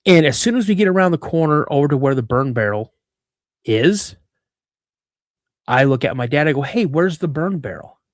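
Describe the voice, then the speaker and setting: A man in his fifties from Washington State, telling a personal story as a podcast guest, animated, acting out the voices in it and often repeating himself. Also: medium pitch, moderate pace, long pauses, dry recording, studio quality. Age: 50s. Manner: repeats words and restarts mid-sentence. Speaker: guest, cryptid researcher.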